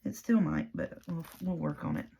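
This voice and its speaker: A woman's low, husky, mellow voice creaks and swings hugely in pitch at a moderate pace. Showing a paper craft project, she chats casually in a folksy, rambling way and talks through her own errors.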